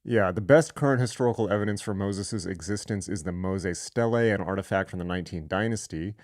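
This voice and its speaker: A man's voice: deep voice, a little fast, a little mellow, dry recording, clean studio sound. A man hosting a live online lecture, reading sources aloud and breaking off for irreverent, sarcastic comments. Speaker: host.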